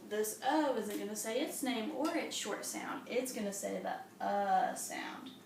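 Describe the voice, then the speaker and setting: A woman's voice: mid-range voice, animated, gravelly, darkish tone. Patient teacher woman, echoey room. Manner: slow, patient, encouraging classroom tone. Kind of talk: early reading lesson for young children. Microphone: camera a few steps away. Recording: echoey room from a distance, faint hum.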